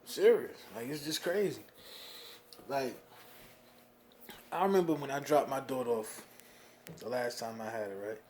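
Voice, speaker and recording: A young man from New Jersey venting about being a father in a casual monologue, animated, with lots of "you know what I mean". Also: a little slow, long pauses, slight background noise. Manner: animated, swings loud and high when worked up, frequent "you know what I mean". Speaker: vlogger talking about fatherhood.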